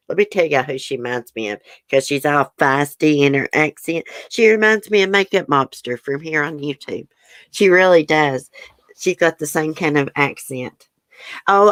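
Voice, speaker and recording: A livestream host with a low, somewhat bright voice reads news items and replies to viewer comments. She's frank and opinionated in her casual chat. The recording is dry.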